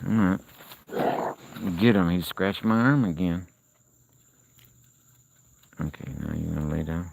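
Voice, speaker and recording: A man's voice: deep voice, measured pace, vocal fry, long pauses, darkish tone, low-quality recording. A man hosting a casual live stream outdoors, chatting and coaxing and scolding animals around him. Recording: outdoor noise with crickets.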